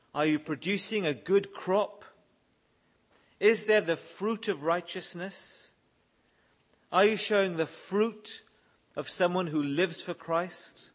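Man, pastor, sermon, slow, slightly high voice, earnest scripture reading.

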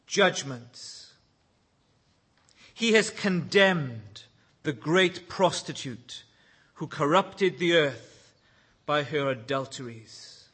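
High-voiced preacher, slow and bright. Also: male voice, breathy edge. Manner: earnest, rising to loud exclaims when quoting praise; leads prayer in a hushed, low voice. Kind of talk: sermon.

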